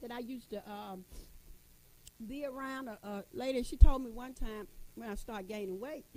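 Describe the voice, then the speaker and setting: A woman's voice: fairly high pitch, normal speed, warm tone, a little hiss or hum, poor audio. A middle-aged woman giving a motivational talk to women, folksy and emphatic, repeating her points and calling listeners honey. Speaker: motivational speaker addressing women.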